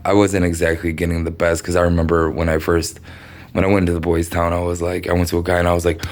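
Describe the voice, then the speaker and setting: A man's voice: sits low, completely flat delivery, fairly quick. A man from the United States talking through a meandering personal monologue, swearing often and leaning on fillers. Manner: meandering, profane, many fillers.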